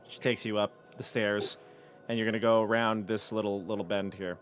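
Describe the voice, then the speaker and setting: A man's voice: on the low side, steady tone, fairly quick, fairly bright tone, slight background noise. A man narrating as game master in a chatty, self-correcting way.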